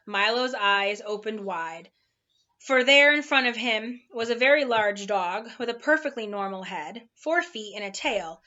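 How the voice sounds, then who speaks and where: Bright-voiced woman reading a storybook. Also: medium pitch, dull audio. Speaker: narrator.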